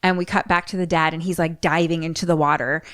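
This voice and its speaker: Woman co-host, lowish voice, dry booth sound, chatty movie recapper. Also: fairly even intonation, quick pace, fairly bright tone, clean tone, no echo. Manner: retells scenes breathlessly, acts out character lines. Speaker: podcast co-host. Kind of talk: casual movie recap chat.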